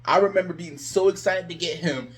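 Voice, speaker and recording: A man's voice: sits high, a little fast. A man ranting about his team in a sarcastic, exasperated vlog. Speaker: sports vlogger. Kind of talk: ranting fan commentary.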